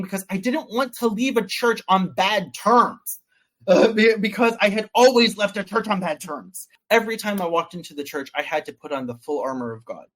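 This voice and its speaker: Man telling a story with animated, acted-out quotes. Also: high-pitched, normal speed. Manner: animated, quoting others in acted voices. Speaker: interview guest. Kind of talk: casual storytelling.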